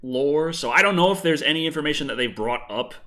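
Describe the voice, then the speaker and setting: Animated, bright-voiced male podcast host. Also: on the high side, fast. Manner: chatty, easily amused. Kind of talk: casual entertainment news chat.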